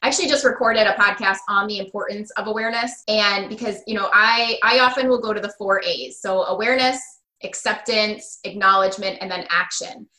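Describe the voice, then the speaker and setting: A woman hosts a casual interview podcast with a bright, forward voice. She talks in an animated, reflective way and laughs lightly between thoughts. The recording has a noticeable echo from the room. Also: medium pitch, brisk. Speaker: podcast host.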